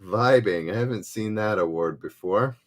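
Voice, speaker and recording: A man hosting a live-streamed trivia game, reading each question twice and stopping often to search for words. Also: lowish voice. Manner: halting, hesitant, reads questions aloud twice with many fillers. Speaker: livestream trivia host. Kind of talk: casual live-stream chat.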